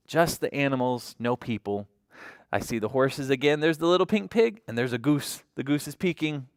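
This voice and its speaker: Sing-song storytime reader with wildly swooping pitch. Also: sing-song, normal speed, dry recording, studio quality. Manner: sing-song, imitating animal sounds, asking the children questions. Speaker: children's librarian. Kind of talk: reading a picture book aloud to toddlers.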